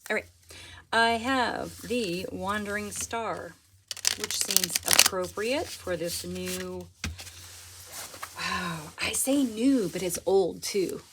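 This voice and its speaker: A woman giving a pick-a-card tarot reading to her viewers. She is earnest and excitable, and often stops to rephrase herself. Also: medium pitch, slow pace, heavy background noise. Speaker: tarot reader.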